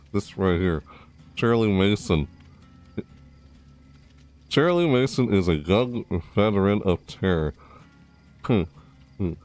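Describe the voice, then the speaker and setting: A man talks through his gaming session in an easy, rambling way, reacting out loud and muttering to himself. His voice sits low but jumps around a lot, and he takes his time with his words. Faint game music plays underneath. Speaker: gaming YouTuber. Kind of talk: casual gameplay commentary.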